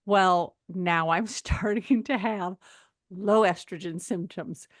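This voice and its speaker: Lively woman in her sixties telling stories. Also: lowish voice, slow, dry recording, studio quality. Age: 60s. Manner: animated storyteller, acts out quoted voices. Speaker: health podcast co-host. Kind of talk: casual chat.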